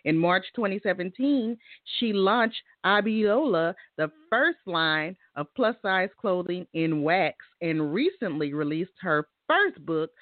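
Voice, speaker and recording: A woman's voice: fairly low pitch, animated, slow, hardly any pauses, dry recording. A woman hosting a podcast interview. She reads a scripted intro and then asks friendly questions. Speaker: podcast host. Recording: dry, phone-like sound.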